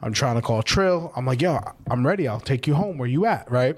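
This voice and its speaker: A man co-hosting a podcast, telling a party story in casual chat, animated and profane, acting out the voices of the people in it. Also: medium pitch, brisk. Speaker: podcast co-host.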